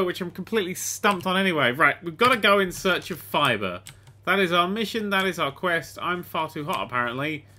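A young man commentating a survival game, excitable and sweary, often shouting at the creatures he fights. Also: a little high. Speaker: gaming host. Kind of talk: let's play commentary.

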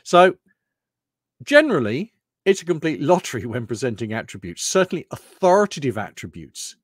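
A middle-aged British man from the United Kingdom gives a rambling, anecdotal lunchtime talk full of loose restarts. His medium-pitched voice swings widely in pitch at a normal speed, captured as clean studio sound with no room ambience.

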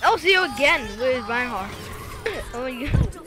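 A woman's voice: high-pitched, very animated, moderate pace. A young woman chatting playfully while gaming with a friend, giggling and tripping over her words. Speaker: gamer playing with a friend. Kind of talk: casual gaming chat with silly skits.

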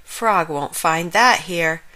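A woman voicing a kind, gentle male bear in a storybook read-aloud, speaking softly and kindly. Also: fairly low pitch, takes it slowly.

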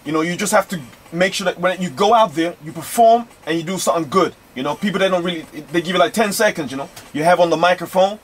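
Talking fast with few pauses in a voice that sits high, a London-born rapper with an American Southern accent chats casually as a radio studio guest. He keeps things laid-back and slangy, dropping plenty of "man" and "you know".

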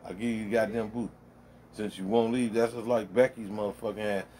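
A man's voice: fairly low pitch, fairly even intonation, fairly quick, darkish tone, slight background noise. A middle-aged man rambling bluntly in a casual monologue, full of profanity, recorded at home in his man cave. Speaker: vlogger.

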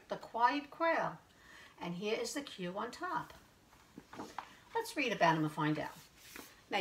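A woman preschool teacher reading a picture book aloud to young children in slow, sing-song teacher talk, asking them questions. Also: fairly high pitch, fairly bright tone.

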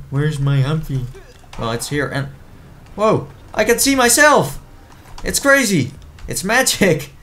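A man's voice: mid-range voice, a little hiss or hum. A man commentating his own gameplay in a playful, easily exasperated way, often stammering and repeating words. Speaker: gaming commentator.

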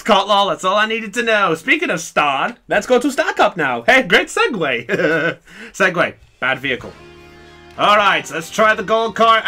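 High and bright, the voice of an excitable game streamer swoops around as he reacts to his own gameplay on a live stream. Between plays he laughs frequently and calls out to his viewers.

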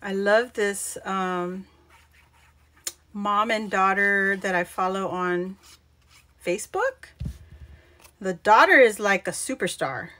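A woman's voice: medium pitch, slow pace, long pauses, sharp tone. A woman hosting a live craft stream, chatting casually, laughing often and greeting viewers by name. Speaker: crafting channel host.

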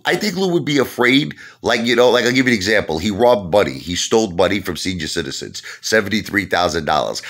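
A man's voice: lowish voice, fairly bright tone. A man delivering an emphatic comedic trash-talk rant to camera, repeating himself and pressing the point again and again. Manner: emphatic and repetitive, keeps saying "listen to me" and "okay?". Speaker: vlogger.

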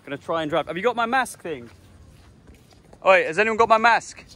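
A man's voice: high voice, expressive, brisk, pushed and bright. A man talking to the camera on a travel vlog, playful and joking. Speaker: travel vlogger. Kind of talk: casual vlog narration. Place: outdoors on a beach and street. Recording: outdoor noise around the camera mic.

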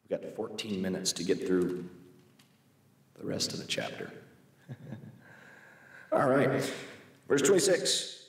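A man's voice: fairly low pitch, sing-song, slow, creaky, long pauses. A man teaching a church Bible class in a conversational way, reading scripture aloud and asking the class questions. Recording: echoey room, mic far off.

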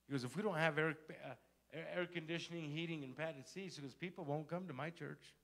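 A man's voice: a little high, a little fast, fairly bright tone. A male pastor telling a story in a sermon and building to fervent exhortation. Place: church sanctuary.

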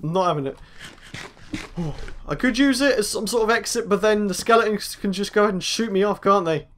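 A man's voice: sits high, brisk, a bit bright. A young man, a gaming host, chatting to himself through a let's play and taunting the monsters he meets. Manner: chatty self-talk, taunts game mobs.

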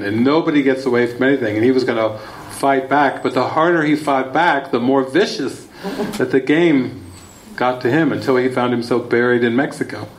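A man teaching at a spiritual retreat, telling stories with lively, laughing delivery. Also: medium pitch, rough recording. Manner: animated storytelling, laughing often. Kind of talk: retreat talk. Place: retreat hall.

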